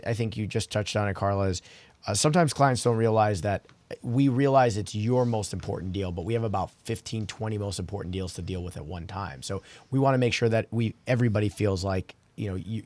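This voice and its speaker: A man's voice: fairly low pitch, dry recording. A man who works as a realtor, talking casually on a podcast and telling anecdotes, with frequent restarts. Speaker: realtor guest.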